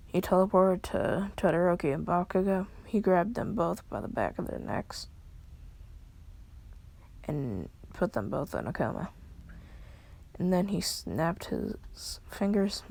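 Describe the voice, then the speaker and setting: A woman's voice: fairly low pitch, very animated, measured pace, gravelly, pauses often, darkish tone, breathy edge. A woman retelling a fan story in a whispered role-play, with casual fillers and quoted lines.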